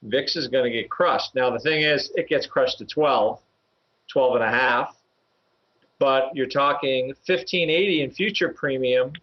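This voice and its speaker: A man's voice: mid-range voice, measured pace. A man co-hosting a podcast, explaining trades casually in a rambling way, full of fillers and little chuckles. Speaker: options trader and regular co-host. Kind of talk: casual podcast market talk. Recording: slightly muffled podcast audio.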